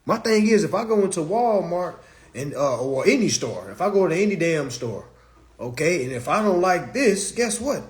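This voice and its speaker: Animated, profane man ranting on a live stream. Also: high voice. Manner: blunt, profane, animated, with rhetorical questions. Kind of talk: casual live stream rant.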